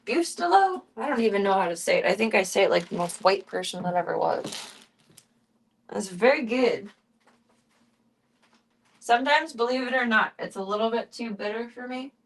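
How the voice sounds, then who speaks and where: A woman streaming casually from home, chatting with viewers and talking softly to her cats. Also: mid-range voice. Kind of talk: casual live-stream chat.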